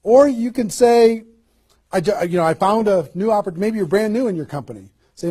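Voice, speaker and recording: A man giving an energetic motivational seminar talk as a network marketing trainer, firing rhetorical questions at his audience. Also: sits high, moderate pace, husky.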